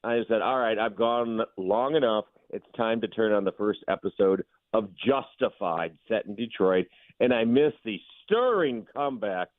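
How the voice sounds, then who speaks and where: Man, sports radio guest; animated, lively delivery, phone-quality audio. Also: no echo. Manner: animated, quick opinions, jumps in pitch. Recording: thin phone-line sound.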